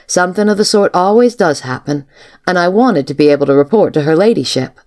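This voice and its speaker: A woman's voice: fairly quick, natural voice. A woman reading as a cool, matter-of-fact maid. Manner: calm, dutiful, slightly raised pitch. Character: calm cool young female servant, matter-of-fact.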